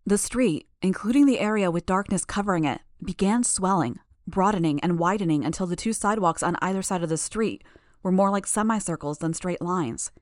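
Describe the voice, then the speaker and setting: A woman reading an audiobook chapter in the first person, in a steady, measured manner. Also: lowish voice, no echo, studio quality. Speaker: audiobook narrator.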